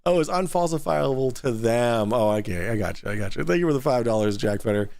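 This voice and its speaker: A man's voice: mid-range voice, lively intonation, fast, vocal fry, darkish tone. A man hosting a live stream, mocking and sarcastic, laughing often as he comments. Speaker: host reacting to a debate stream.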